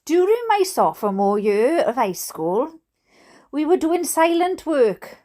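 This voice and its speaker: A woman's voice: high-pitched, very animated, unhurried, darkish tone. A Welsh woman reading funny stories aloud, with chatty, giggly, mock-indignant asides. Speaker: storyteller reading viewer stories.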